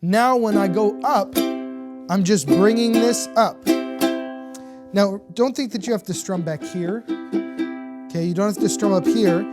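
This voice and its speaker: A woman's voice: mid-range voice, a little slow, long pauses, loud music behind the voice. A woman teaching a beginner ukulele lesson, counting beats aloud and checking in patiently with her students. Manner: patient, encouraging, checks in with "okay?" often.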